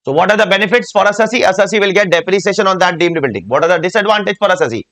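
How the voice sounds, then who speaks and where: High-voiced Indian man teaching tax. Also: animated, racing, fairly bright tone. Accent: Indian English. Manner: asks the class frequent check questions; repeats and drills key points. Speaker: tax lecturer. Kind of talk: classroom lecture.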